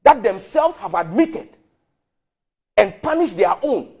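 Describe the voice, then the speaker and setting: A man arguing hard in a heated live TV debate, emphatic and quick to interrupt. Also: high voice, big pitch swings, dark tone, husky. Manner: combative, emphatic, interrupts often. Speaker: member of parliament.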